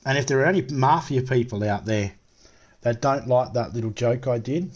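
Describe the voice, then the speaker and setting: A man's voice: medium pitch, moderate pace, a little mellow. A man with an Australian accent hosting a gaming livestream, telling stories in a crude, swearing, joking way. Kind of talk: casual storytelling chat.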